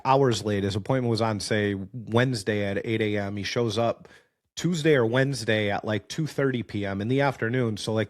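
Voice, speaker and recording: A man who runs auto repair shops, talking loosely as a podcast guest at a middling pitch. He tells stories with real drive, swears freely and acts out the people in them. His tone stays plain and conversational. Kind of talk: casual conversation.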